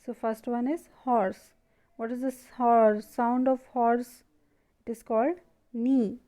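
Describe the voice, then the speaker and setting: A woman teaches a primary school lesson in a classroom lesson video, speaking slowly and asking questions she then answers herself. Her voice is a little high with a darkish tone.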